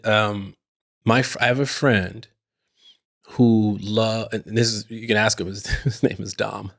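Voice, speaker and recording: A man co-hosting a podcast, telling stories in a loose, laughing way with frequent restarts. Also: on the low side. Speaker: podcast co-host. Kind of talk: casual chat.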